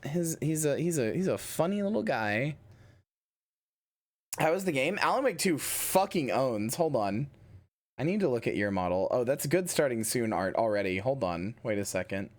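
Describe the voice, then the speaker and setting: A man's voice: mid-range voice, big pitch swings, normal speed. A tired man streaming a game late at night, talking casually in a rambling, playful way with lots of restarts. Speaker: livestreamer. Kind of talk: casual gameplay commentary.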